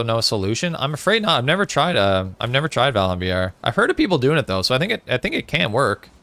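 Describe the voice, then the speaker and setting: A man's voice: mid-range voice, a bit bright, clean tone, no room sound. Chatty male game streamer. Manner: chatty, reads out chat, frequent fillers. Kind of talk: casual live-stream chat while gaming. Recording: faint music behind.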